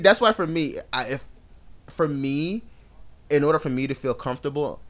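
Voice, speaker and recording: Young guy cohosting a podcast, sassy and animated, voice swoops all over when he tells a story. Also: mid-range voice, fairly quick. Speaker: podcast co-host. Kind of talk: casual chat.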